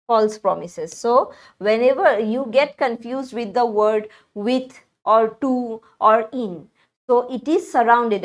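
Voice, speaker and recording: A woman teaching English grammar in a live exam analysis, explaining slowly and often restarting with fillers. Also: a little high. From India.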